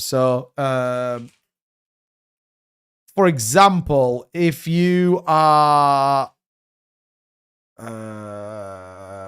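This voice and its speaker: Male streamer, slightly high, smooth clear voice, loose and rambling, answers chat questions on the fly. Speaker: crypto livestream host. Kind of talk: casual livestream chat.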